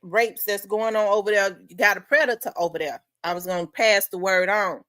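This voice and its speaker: A woman's voice: medium pitch, fairly quick, fairly bright tone, no room sound. A woman host telling a story in casual chat, talking in winding asides and repeating herself.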